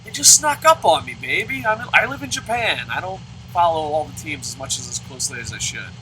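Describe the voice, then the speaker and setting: A man's voice: on the high side, sing-song, brisk, sharp tone, slight background noise, poor audio. A man hosting a let's play, commenting on a baseball game and answering viewer comments in a profane, ranting way.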